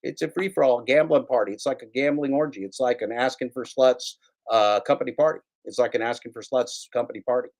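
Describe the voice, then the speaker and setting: A man's voice: medium pitch, fairly quick, a little mellow. Sarcastic, profane livestream host man. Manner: sarcastic, profane, repeats his lines. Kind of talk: casual livestream rant.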